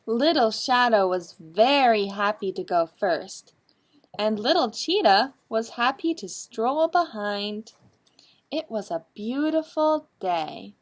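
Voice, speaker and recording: Woman, librarian, children's story time, coaxing questions, slow pace, lively pitch. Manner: animated, coaxing questions to young listeners. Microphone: streamed live.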